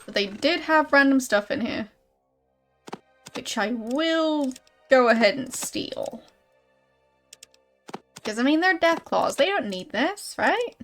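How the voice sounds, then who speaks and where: A young woman streaming a game, chatting in a relaxed way and greeting viewers. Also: high-pitched, slow, pauses often, soft background music.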